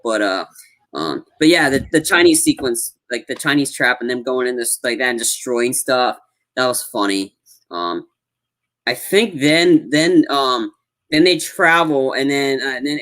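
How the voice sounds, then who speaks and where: A man's voice: mid-range voice, fairly bright tone. A man co-hosting a movie review podcast, retelling scenes in a rambling way with lots of fillers. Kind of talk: casual chat.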